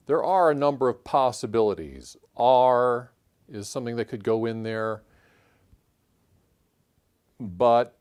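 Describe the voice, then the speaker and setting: A man talks through a word puzzle, thinking aloud in a calm, measured way. He calls out letters and clue numbers one by one as he solves along with the listener. His voice sits at an ordinary middle pitch for a man. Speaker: puzzle-solving channel host.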